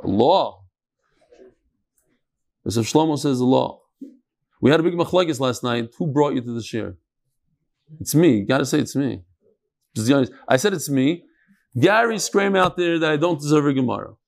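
A man's voice: medium pitch, expressive, moderate pace, gravelly, pauses often, a little mellow. A man teaching a casual daily Talmud class to a live group, chanting the Aramaic text and explaining it in chatty English while joking with his students. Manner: jokes and bickers with students. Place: room with a live study group.

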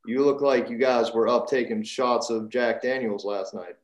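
A man hosting a podcast, giving an energetic, jokey intro and promo over a video call. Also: medium pitch, moderate pace, hardly any pauses. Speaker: podcast host. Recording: roomy echo.

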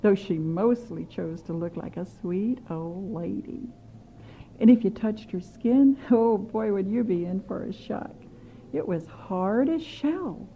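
A woman telling a children's story in an animated way, with chatty asides to the kids. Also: medium pitch, takes it slowly. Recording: slightly muffled with faint hiss.

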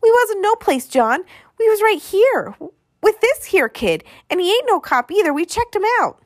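A piercing, screechy little boy who blurts out whatever he thinks, as a woman voices him in a storybook. He sits far above her normal voice, loud and shrill. The recording is close and dry. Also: very animated, moderate pace, no room sound. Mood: pleading.

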